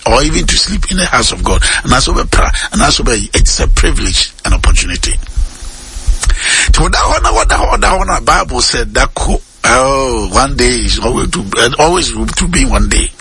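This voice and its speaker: A man hosting a radio sermon, preaching in a lively way, repeating phrases and dropping English words into his talk. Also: mid-range voice, normal speed.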